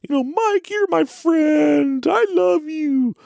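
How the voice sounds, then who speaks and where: A goofy stuffed hippo with buck teeth chirps in a squeaky childlike falsetto, jumping far above his own register with a gravelly edge underneath. It sounds playful and clingy, like a toy brought to life for a child's game. The sound is close and dry. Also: slow, darkish tone, dry recording, raised voice, full character voice.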